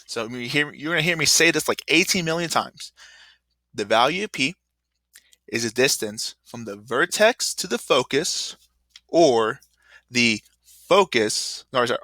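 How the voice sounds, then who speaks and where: A man teaching a casual, rambling video math lesson, often filling pauses with "uh". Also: medium pitch, lively intonation, pushed and bright, no room sound.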